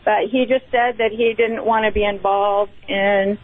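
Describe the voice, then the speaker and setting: A woman's voice: mid-range voice, steady tone, measured pace. A woman calling in to a radio show who speaks politely and earnestly. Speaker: caller. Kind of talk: phone-in conversation. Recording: tinny phone line.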